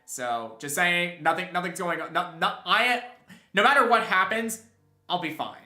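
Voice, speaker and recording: Streaming a game live, a young man talks in a slightly high, pushed and bright voice. He rambles casually, restarting often and chuckling, and the audio carries a roomy echo.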